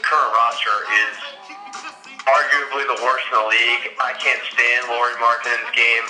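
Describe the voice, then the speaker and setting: A man co-hosting a sports podcast in casual chat, relaxed and hedging, laughing often. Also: mid-range voice, normal speed, reverberant, music in the background, low-quality recording. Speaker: podcast co-host.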